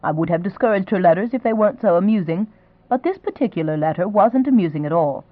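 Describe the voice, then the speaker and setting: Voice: mid-range voice, animated, fast, no echo, close to an everyday voice. A gracious elderly duchess, genteel and pleasantly insistent, as an audiobook reader puts her on. The audio is thin and phone-like. It sounds dry, with no room.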